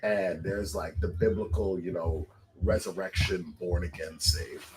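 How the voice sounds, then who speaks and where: A man's voice: deep voice, steady tone, a little slow, background noise. A man co-hosting a live music reaction stream, with repeated exclamations and thoughtful explanations.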